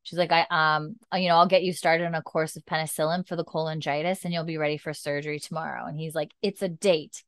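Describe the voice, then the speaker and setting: A woman's voice: low voice, steady tone, quick pace, hardly any pauses, no room sound. A woman co-hosting a casual chat, animatedly retelling a TV episode and acting out the characters' lines, with lots of "like.". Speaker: podcast co-host recapping a TV episode.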